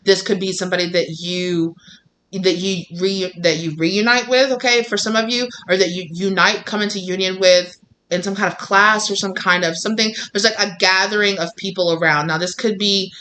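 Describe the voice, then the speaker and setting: Bright-voiced rambling tarot reader. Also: mid-range voice, steady tone, moderate pace, slight background noise. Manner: rambling, lots of "like", acts out voices of the people in the reading. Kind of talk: intuitive tarot reading to viewers.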